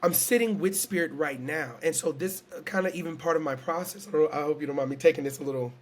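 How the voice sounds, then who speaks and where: A man's voice: a little high, fast, a little hiss or hum. Interviewgast, man uit Houston, Texas, oprecht en emotioneel, iets hogere stem, zachte achtergrondruis. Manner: earnest, searching, repeats phrases, emotional. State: close to tears. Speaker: guest storyteller and entertainer. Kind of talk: reflective conversational interview.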